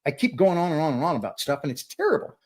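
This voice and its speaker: Excitable rambling man with a lively voice. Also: a little high, fast talker. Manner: excitable, rambling, repeats words when starting sentences. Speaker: host. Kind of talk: live-stream Q&A chat.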